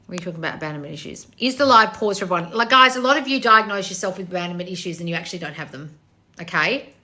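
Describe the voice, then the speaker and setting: Blunt, sweary woman coach with a bright, ringing tone, answering viewers live into her phone. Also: on the low side, animated, racing. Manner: blunt and sweary, laughing, reading viewer comments aloud. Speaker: manifestation coach. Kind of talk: live-stream Q&A.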